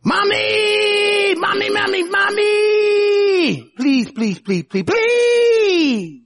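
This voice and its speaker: A small child wails and begs in a shrill, piercing shriek, as a man puts the voice on. The pleas come in loud, crying bursts, the same words shouted again and again, pitched far above an adult's speaking voice. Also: lively intonation, drawn-out words, full character voice. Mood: begging, crying. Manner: shrieking, pleading, repeating words.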